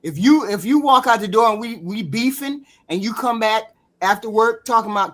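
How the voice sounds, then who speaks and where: A woman's voice: on the high side, brisk, a bit bright. A woman co-hosting a podcast, arguing her point insistently in a heated casual panel debate.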